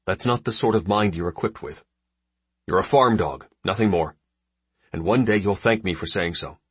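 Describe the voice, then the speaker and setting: A man's voice: deep voice, normal speed, breathy edge, no echo. A man voicing a harsh old male farmer and inventor who talks down to his son bluntly. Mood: scornful. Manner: blunt and scornful.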